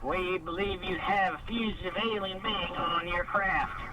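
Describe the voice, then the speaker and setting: A man's voice: high-pitched, steady tone, a little slow, a loud crowd, poor audio. A man calling in and playing a stern, paranoid military agent who gives curt orders. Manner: curt orders, then rambling about lights. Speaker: caller.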